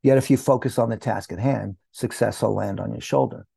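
An older man with a deeply gravelly, husky voice tells his story as an interview guest. His tone is mellow and dark, and he acts out the dialogue as he goes. The sound is dry and close. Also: fairly quick, no room sound. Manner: animated storyteller who acts out quoted dialogue. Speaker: guest, hair educator.

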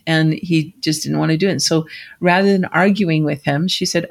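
Gravelly-voiced woman telling a story. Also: low-pitched, normal speed. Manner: animated, acts out quoted voices. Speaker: life coach and podcast host. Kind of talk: conversational storytelling.

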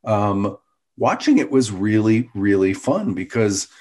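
A man's voice: on the low side, big pitch swings, unhurried, darkish tone. Rambling enthusiastic male podcast co-host. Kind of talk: casual chat.

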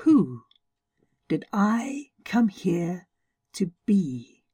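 A woman voicing a curious, excited young girl in a high, loud voice for a family story podcast. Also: extremely slow, breathy edge, no echo, full character voice. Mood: wondering.

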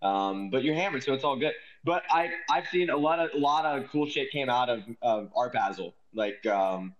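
A laid-back man with a mid-pitched voice jokes with the others. His mic sounds dull and lo-fi. There is a roomy echo around him. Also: animated, normal speed. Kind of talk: casual chat on a live audio stage.

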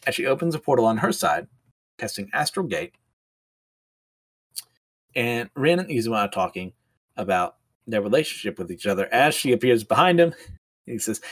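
A man's voice: medium pitch, very animated, moderate pace, pauses often, a bit bright, breathy edge, no echo. A man casually reading comics aloud and commenting, chatty and often laughing. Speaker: manga reviewer.

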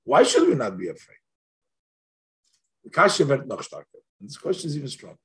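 A man's voice: mid-range voice, wildly swooping pitch, brisk, fairly bright tone. A man teaching a text-study lesson, working through questions aloud and slipping Yiddish and Hebrew phrases into his speech, his voice rising as he asks them. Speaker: Torah teacher.

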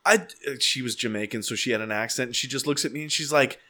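Bright-voiced man telling a rowdy story. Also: mid-range voice, quick pace. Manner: animated, swearing, acts out quotes. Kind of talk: casual storytelling.

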